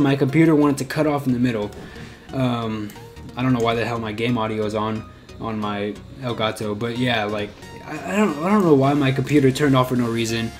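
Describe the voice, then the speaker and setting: A man's voice: mid-range voice, a little fast, darkish tone, soft background music. A young man recording casual gaming commentary, rambling and frustrated, putting himself down. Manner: frustrated, rambling, self-deprecating. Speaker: gaming YouTuber.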